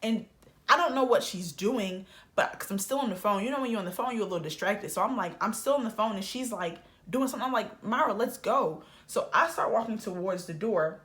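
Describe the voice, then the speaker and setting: A young woman vlogger telling a casual storytime, animated and acting out every quote with big jumps in her voice. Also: mid-range voice, brisk.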